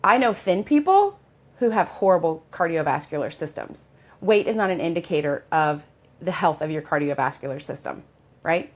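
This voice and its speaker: A middle-aged personal trainer, talking casually to camera in an earnest, emphatic coaching way. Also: female voice, low-pitched, expressive, normal speed.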